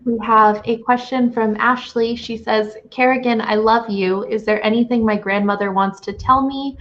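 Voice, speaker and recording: A woman's voice: fairly high pitch, fairly even intonation, normal speed. A woman host plainly reading viewer questions aloud on a live stream. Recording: dull lo-fi sound.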